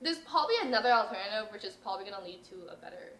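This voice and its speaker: A woman's voice: medium pitch, expressive, racing, a bit bright. A young woman hosting a podcast in casual chat, telling stories with a lot of energy, swearing freely and acting out what other people said. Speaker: podcast host. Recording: roomy echo.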